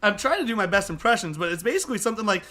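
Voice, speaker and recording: A man co-hosting a podcast, recapping a movie in casual chat and loudly mimicking lines. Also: high-pitched, very animated, very fast. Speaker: podcast co-host.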